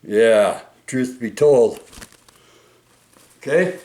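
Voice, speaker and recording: A middle-aged man talks at an unhurried, drawn-out pace. He rambles through his stories, breaking off and tossing in little interjections. He sits back from the microphone, and the room gives his voice an echoey sound. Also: medium pitch, mellow, far from the mic. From Vancouver, Canada. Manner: rambling, frequent restarts and interjections like "oi" and "right?". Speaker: vlogger. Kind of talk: rambling casual storytelling. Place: indoors at home. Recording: roomy echo, speaker away from mic.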